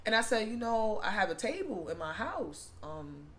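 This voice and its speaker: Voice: mid-range voice, big pitch swings, moderate pace, a bit bright, slight background noise. A vlogger telling a personal family story in a casual, rambling, heartfelt way, with many fillers and repeated words. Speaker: spiritual shop owner and vlogger.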